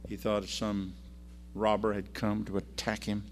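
A man preaching a sermon and reading scripture aloud, swinging between loud emphasis and quiet drops. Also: lowish voice, monotone, unhurried, a little hiss or hum.

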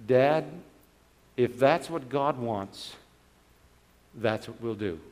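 A man voicing young Isaac, a trusting son, with hushed, pleading questions. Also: mid-range voice, drawn-out words. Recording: long hall reverb.

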